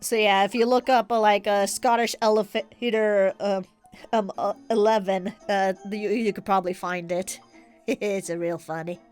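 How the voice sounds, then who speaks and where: A woman's voice: medium pitch, fairly even intonation, normal speed, a little mellow, smooth, faint music behind. A woman streaming a game, chatting casually with a stuffy nose, giggling and rambling through stories. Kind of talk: casual live-stream chat.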